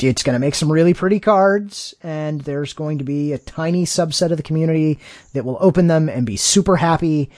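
A man with an animated, swooping delivery co-hosts a casual podcast and grumbles wryly about what he dislikes. The recording is dry and close to the mic. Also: on the high side, no echo. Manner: wry, grumbling, lively delivery. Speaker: podcast co-host. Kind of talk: casual chat about card games.

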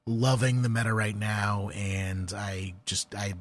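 A man co-hosting a casual podcast, talking in a relaxed, joking way. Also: fairly low pitch, slow. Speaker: podcast co-host.

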